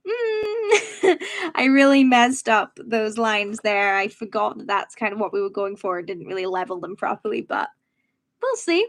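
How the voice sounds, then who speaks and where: A woman's voice: medium pitch, fairly even intonation, moderate pace, fairly bright tone. A woman hosting a casual crafting livestream, thinking aloud in a chatty, self-deprecating way as she works.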